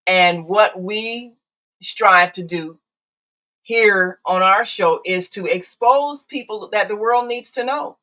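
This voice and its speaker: A woman's voice: mid-range voice, slow pace, rough recording. Chatty older woman hosting a call-in show. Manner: warm, chatty, with frequent fillers and restarts. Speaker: show host.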